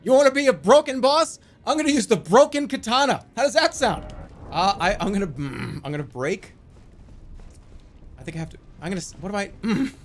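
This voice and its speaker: A man's voice: sits high, big pitch swings, fairly quick. A man in his thirties streaming a game, ranting and swearing in exasperation as he plays. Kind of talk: live gaming commentary. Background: faint game music.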